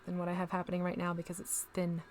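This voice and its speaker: A woman's voice: lowish voice, completely flat delivery, quick pace, darkish tone, slight background noise. A woman hosting a casual live stream, chatting to viewers as she paints miniatures and talks through each step.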